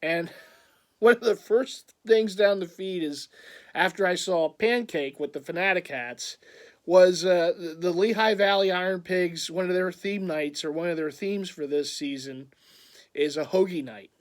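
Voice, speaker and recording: Excitable high-voiced man. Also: a little slow. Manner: rambling and excitable, laughs often. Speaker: vlogger. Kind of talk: casual vlog chat.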